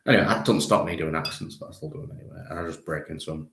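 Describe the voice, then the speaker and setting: A man's voice: very deep voice, rapid-fire, few pauses, fairly bright tone. A man streaming live as he paints miniatures, rambling and self-deprecating as he chats with viewers. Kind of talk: casual live-stream chat. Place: home conservatory. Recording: echoey room.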